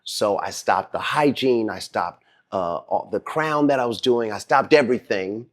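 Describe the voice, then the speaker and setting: A man's voice: fairly low pitch, moderate pace. A middle-aged man, a dentist telling a dramatic family story with lots of quoted dialogue. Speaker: dentist and host. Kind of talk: animated storytelling.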